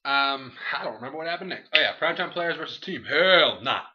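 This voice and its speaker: A man co-hosting a casual comedy chat, recapping wrestling matches in a goofy, animated way. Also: a little high, quick pace. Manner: animated, breaks into goofy impressions and shouts. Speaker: podcast co-host recapping wrestling. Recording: lo-fi dull recording.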